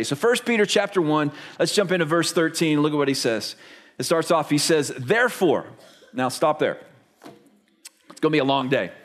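A man in his forties from Florida, preaching a sermon in a chatty, storytelling way and asking the congregation questions. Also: high voice. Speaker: pastor.

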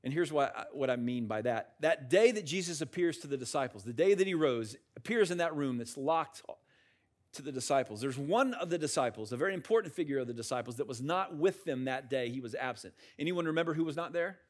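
A man preaching a sermon in a conversational, animated way, asking the listeners questions and acting out the words of biblical figures. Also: fairly high pitch, brisk. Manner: acts out quotes of biblical figures. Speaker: pastor.

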